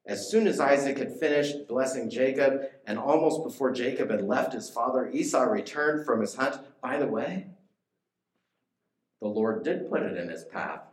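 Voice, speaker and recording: A man's voice: medium pitch, lively intonation, normal speed, echoey room. A man preaching a sermon in a conversational way, often asking his listeners questions.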